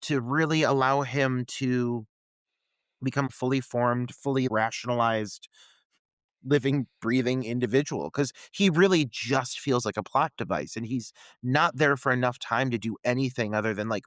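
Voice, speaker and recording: A man co-hosting a podcast, giving relaxed, wry commentary on a film with plenty of filler words. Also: mid-range voice, normal speed, no room sound. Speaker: podcast co-host. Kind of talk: casual film discussion.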